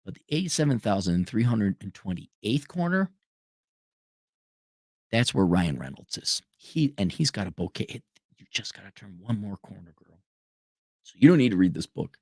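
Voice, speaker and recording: A sarcastic man rants on a commentary stream, his pitch leaping up and down as he swears and mocks. His voice is dry and close, with no room sound around it. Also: very animated, normal speed, pauses often, a little mellow, slightly rough, dry recording. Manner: profane, sarcastic, swings into mocking voices. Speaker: commentary show host. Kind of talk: livestream rant commentary.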